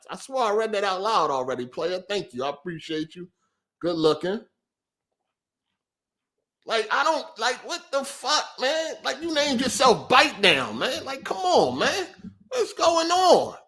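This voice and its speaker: High, bright-voiced man ranting on stream. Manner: profane, animated, talks back to chat. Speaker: podcast host. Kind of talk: heated live-stream rant.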